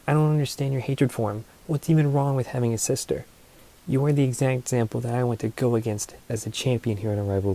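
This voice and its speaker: A man's voice: mid-range voice, warm tone, natural voice. A man voicing a brash, rambling woman wrestling champion who cuts a profane, goofy in-character promo. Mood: angry.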